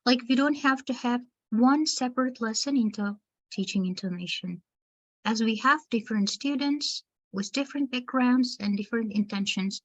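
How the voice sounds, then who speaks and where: Woman teacher trainer, slightly high voice, explanatory webinar delivery over a dull video-call line. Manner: explanatory, addresses listeners as dear teachers. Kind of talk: online webinar lecture.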